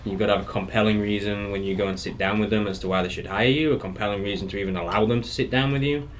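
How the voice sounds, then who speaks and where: A man with a Texan accent, a real estate team leader, explaining things in a steady, matter-of-fact way on a casual podcast. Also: fairly low pitch, rapid-fire, a little hiss or hum.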